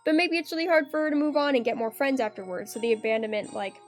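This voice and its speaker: Chatty high-voiced young woman streamer. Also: expressive, fast talker, faint music behind. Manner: chatty, rambling, many fillers. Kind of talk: casual game commentary.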